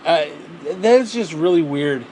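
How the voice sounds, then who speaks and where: A man's voice: on the high side, expressive, takes it slowly, a little mellow, a little hiss or hum. A man ranting alone in a vlog, rambling and exasperated, swearing constantly. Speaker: vlogger. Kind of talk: solo rant to camera.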